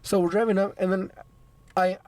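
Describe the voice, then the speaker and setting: His high, darkish voice barely moves in pitch and keeps a moderate pace, with no room sound. The male podcast host, voice worn out from being ill, rambles through a story in casual chat, stammering often and swearing.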